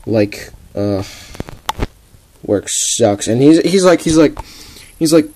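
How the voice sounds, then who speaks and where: A man's voice: mid-range voice, expressive, slow pace, darkish tone, slight background noise. A young man casually narrating a homemade comic story, rambling with lots of "like". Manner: rambling, full of "like".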